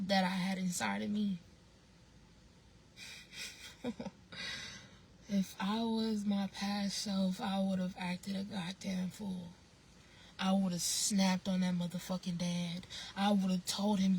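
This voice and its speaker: A woman's voice: fairly low pitch, a little mellow, breathy edge, poor audio. A woman vlogger telling a story in a casual monologue, blunt and emphatic, swearing freely and repeating phrases for emphasis.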